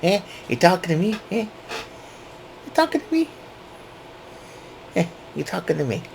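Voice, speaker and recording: A man's voice: huge pitch swings, moderate pace, vocal fry, a little hiss or hum, heavily acted. A man doing an impression of a confrontational movie gangster, repeating a taunt in a raised, exaggerated voice. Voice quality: exaggerated high-pitched taunting repetition.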